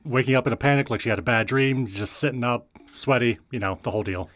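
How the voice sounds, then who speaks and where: A man's voice: mid-range voice, fast talker, fairly bright tone. A man from the United States co-hosting a casual podcast, chiming in with short agreements and dry quips. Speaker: podcast co-host. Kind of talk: casual chat recapping a manga.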